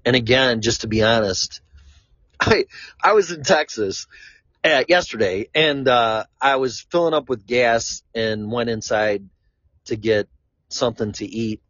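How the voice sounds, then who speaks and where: A man's voice: medium pitch, a little slow, fairly bright tone, no room sound. A man from Chicago talking in a casual, rambling monologue, blunt and free with swearing. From Chicago, USA. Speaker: vlogger. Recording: dull lo-fi, dry sound.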